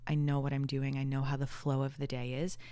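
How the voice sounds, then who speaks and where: A woman with a low voice talks casually as a podcast guest about her photography. She is animated and laughs often, jumping up in pitch when she quotes her own thoughts. The recording is dry and close. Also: a little fast, clear, resonant tone, no echo. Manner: animated, laughing, voice jumps up when quoting herself.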